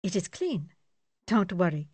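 A woman voicing a grave, formal male army surgeon who speaks in measured tones. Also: fairly low pitch, big pitch swings, darkish tone, slightly rough, no echo, exaggerated voice.

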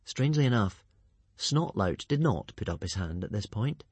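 A man narrating a children's storybook aloud in an expressive, lively way. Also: fairly low pitch, normal speed, slightly rough, dry recording. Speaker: audiobook reader.

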